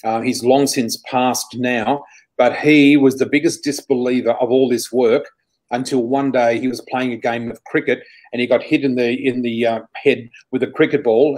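A middle-aged Australian man, a guest psychic, telling stories in an interview with an animated, rambling manner and frequent restarts. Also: medium pitch, rough recording. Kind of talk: storytelling in an interview.

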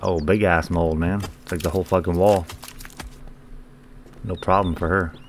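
A man's voice: deep voice, fairly even intonation, normal speed, a little hiss or hum. A man hosting a gaming channel, giving profane, joking let's-play commentary and talking back to the characters on screen.

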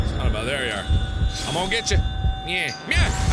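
A man hosting a let's play of a horror game, excitable, swearing, yelling and mock-taunting. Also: fairly high pitch, normal speed, long pauses. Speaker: gaming video host. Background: game music.

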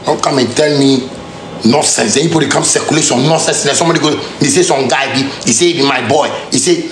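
A man's voice: a little high, lively intonation, fast talker, fairly bright tone, echoey room, slight background noise. A man with a Ghanaian Pidgin English accent delivering a heated, confrontational rant full of street slang and repeated phrases. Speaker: musician. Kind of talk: angry direct-to-camera rant.

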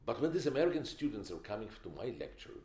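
An older man leads a film masterclass lecture in a lecture hall, speaking fast in a mid-range, sing-song voice with a dark tone. He comes across as opinionated and emphatic and shares wry stories. The recording echoes.

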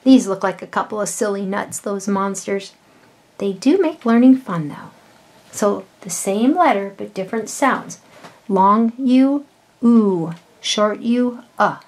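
A middle-aged woman, a mother, patiently explaining vowels and punctuation to young children, with slow, drawn-out words. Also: medium pitch, darkish tone. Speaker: children's educational video host.

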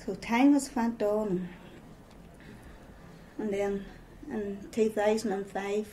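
A woman's voice: medium pitch, fairly even intonation, slow, warm tone, a little hiss or hum, rough recording. A middle-aged woman with a Northern Irish accent giving a personal testimony, telling her story with many repeated "I says".

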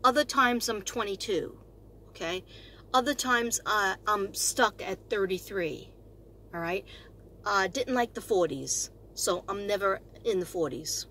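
A woman's voice: medium pitch, unhurried, sharp tone, slight background noise. A woman in her fifties, a retired teacher, chatting in a rambling, bubbly way on her astrology vlog, laughing often. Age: 50s. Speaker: astrology vlogger.

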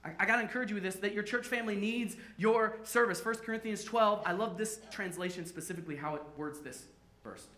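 A man's voice: high-pitched, fast talker, pushed and bright. A man pastor preaching a sermon in a church, playful and joking with his congregation. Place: church sanctuary. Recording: echoey church sanctuary.

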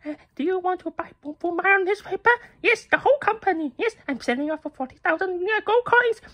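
A woman voicing a pushy female crow tengu newspaper seller in a comedic phone call skit, speaking hurried, broken English with eager repetitions. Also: very high-pitched, animated, fairly bright tone. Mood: hawking. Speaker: phone salesperson.

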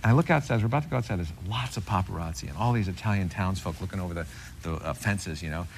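A man's voice: sits low, racing, gravelly. A middle-aged man, a talk show guest, telling an anecdote with a lot of laughter in his voice. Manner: animated, laughing through punchlines. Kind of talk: anecdotal storytelling. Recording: noisy TV studio recording.

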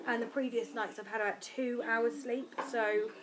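A young British woman with an English accent chatting casually to camera about family life, lively and a bit tired. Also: fairly high pitch, moderate pace, background noise. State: tired from lack of sleep. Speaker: vlogger.

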